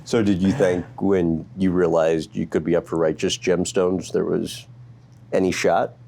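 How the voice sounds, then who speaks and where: A man's voice: low voice, little pitch movement, a little slow, creaky, mellow. A male host asking short, prompting questions in an interview.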